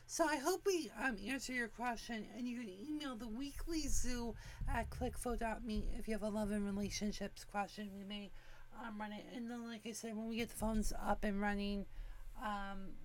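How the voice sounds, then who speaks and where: A woman's voice: fairly high pitch, slight background noise. A woman in her forties hosting a talk show in casual chat, rambling with many fillers and restarts. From United States. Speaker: podcast host.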